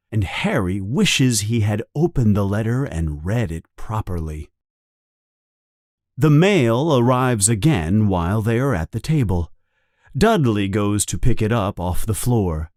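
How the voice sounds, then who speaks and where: A man narrating a simplified storybook for English learners, reading slowly with a lively, rising and falling delivery. His voice is dry and close, with no room around it. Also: medium pitch, no echo. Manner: slow, clearly paced reading. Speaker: audiobook reader.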